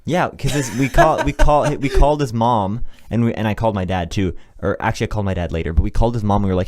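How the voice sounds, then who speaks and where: A young man with a very deep, mellow voice co-hosts a casual podcast. He tells his story in a relaxed, wry way, and the sound is close and dry with no room around it. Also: fast, hardly any pauses, no room sound. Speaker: podcast co-host.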